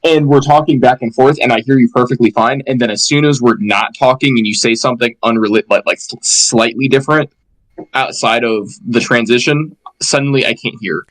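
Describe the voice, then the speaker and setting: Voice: medium pitch, fairly quick, a bit bright, low-quality recording. A co-player chatting casually during a game playthrough, rambling and explaining at length.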